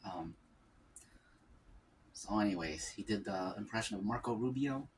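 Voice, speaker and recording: A man with a fairly low voice chats while he eats, rambling from thought to thought and musing aloud. He sits some way back from the microphone. A faint ambient noise hangs behind him. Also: lively intonation, unhurried, far from the mic. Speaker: mukbang vlogger. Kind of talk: casual mukbang chat.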